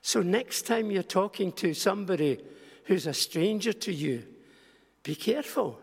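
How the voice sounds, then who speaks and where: An older preacher tells personal stories from the pulpit in a rather high voice. His words ring out with a long reverb through a large hall. He stumbles and restarts, then acts out the people in his tales. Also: animated, a little slow, gravelly, slightly rough. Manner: storytelling with restarts and acted quotes. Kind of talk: sermon storytelling.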